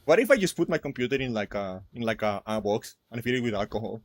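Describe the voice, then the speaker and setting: A man's voice: lowish voice, expressive, fast talker. A young man co-hosting a casual podcast chat, rambling with lots of fillers and frequent giggles. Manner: rambling, giggly, heavy use of "like". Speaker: podcast co-host.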